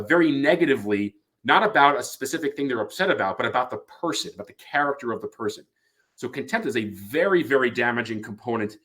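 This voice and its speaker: A man's voice: mid-range voice, fairly bright tone. Guy lecturing on couples therapy, voice jumps all over, acts out little quotes, lots of restarts. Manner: acts out quoted lines, frequent restarts and fillers. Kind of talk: explanatory talk on couples therapy.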